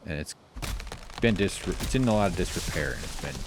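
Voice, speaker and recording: Low voiced dude rambling a story over his game, swings all over the place, noisy stream audio. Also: lively intonation, a little fast. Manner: rambling storytelling, swearing, loud impressions of others. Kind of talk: casual gameplay commentary. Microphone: desk mic with face cam.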